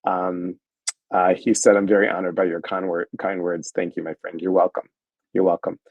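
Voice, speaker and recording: A man hosting a wellness livestream in casual chat, speaking warmly to his viewers and acting out past conversations. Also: low-pitched, flat delivery, normal speed, dry recording, narrow, tinny audio. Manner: effusive and heartfelt, retelling conversations with quoted voices; talks straight to viewers, greeting them by name.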